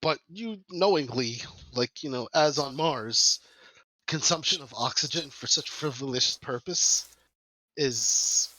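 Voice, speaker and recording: A man's voice: medium pitch, animated, takes it slowly, sharp tone, dry recording, poor audio. A man narrating a tabletop role-playing game as game master, rambling with many restarts.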